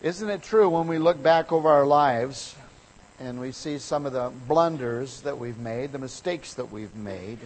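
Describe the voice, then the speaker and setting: A man preaching a sermon, reading scripture and telling an anecdote with lively quoted voices. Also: mid-range voice, a little slow, low-quality recording. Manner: storytelling, animated with voices for quoted people. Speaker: pastor.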